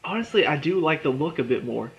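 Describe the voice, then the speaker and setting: A man's voice: a little high, animated, a little fast. A young man casually reviewing a movie trailer, rambling and chatty with lots of fillers and restarts, sounding a bit tired. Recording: dull lo-fi recording.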